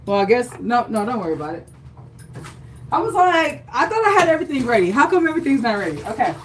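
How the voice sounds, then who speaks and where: A woman's voice: a little high, sing-song, fast talker, slight background noise. A woman hosting a live cooking demonstration from her home kitchen, chatty and encouraging, often checking in with viewers. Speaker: cooking show host. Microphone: livestream setup.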